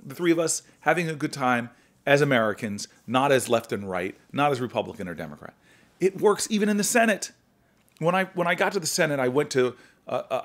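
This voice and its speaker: A middle-aged man, a senator, telling stories in an earnest, animated way during a podcast conversation. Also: medium pitch. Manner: earnest, animated storyteller, often acts out dialogue.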